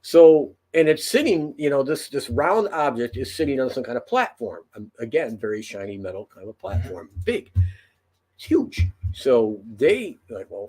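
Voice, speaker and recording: A man's voice: mid-range voice, mellow, husky. A man telling a long story in a casual, rambling way, full of fillers, restarts and swearing. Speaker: podcast host.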